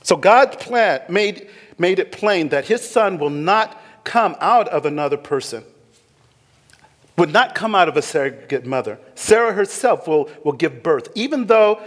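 A man preaching a sermon as pastor, animated, acting out scripture figures with laughter. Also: high voice, moderate pace, big-room sound.

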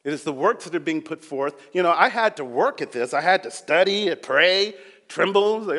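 Male preacher, fairly high voice, earnest and dynamic, long hall reverb. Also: big pitch swings, moderate pace. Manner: earnest, rising and falling between loud emphasis and quiet; acts out quoted voices. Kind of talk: sermon.

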